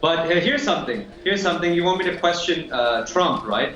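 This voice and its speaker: A man's voice: fairly high pitch, lively intonation, a little fast, echoey room, a crowd in the background, poor audio. A male impersonator as an interview guest, talking casually and hesitantly, with many fillers.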